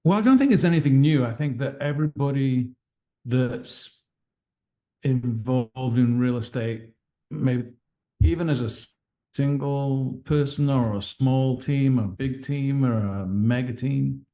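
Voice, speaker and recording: A man's voice: mid-range voice, a little slow, warm tone. A man from England with an English accent, a guest on a video call interview, chatty and explaining things at length. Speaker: guest team owner.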